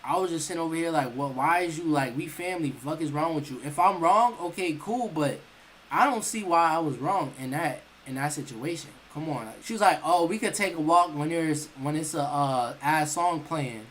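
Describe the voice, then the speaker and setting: A young man streaming, telling a story casually in an animated, slangy way and acting out what people said. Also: fairly high pitch, normal speed, slight background noise, rough recording. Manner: animated, profane, slangy, acts out quotes.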